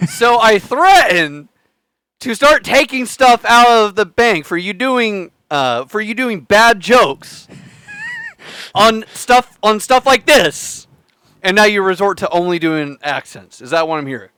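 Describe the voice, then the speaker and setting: Dude cohosting a podcast, high bright voice, swears a lot, teases his buddies. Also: expressive, a little slow, clear, resonant tone. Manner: teasing, swears freely, laughs often. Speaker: podcast co-host. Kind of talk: casual chat.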